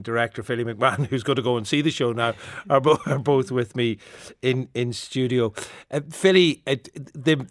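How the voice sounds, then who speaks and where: A man's voice: mid-range voice, no echo. A man hosting a radio arts show, talking with guests in studio, laughing easily and restarting sentences. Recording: dry studio with faint music.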